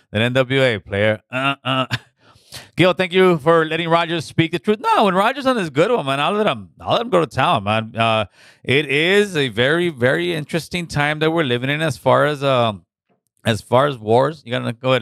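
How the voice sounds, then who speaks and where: A man's voice: medium pitch, animated, moderate pace, fairly bright tone, dry recording, clean studio sound. A middle-aged man hosting a casual call-in show, loose and slangy, repeating himself as he talks.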